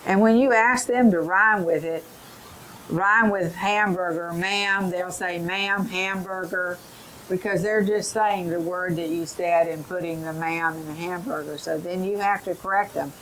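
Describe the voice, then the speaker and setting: A middle-aged woman giving a teacher training lesson, explaining in a slow, careful way and modelling rhyming drills for children. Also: lowish voice, steady tone, fairly bright tone, a little hiss or hum, rough recording.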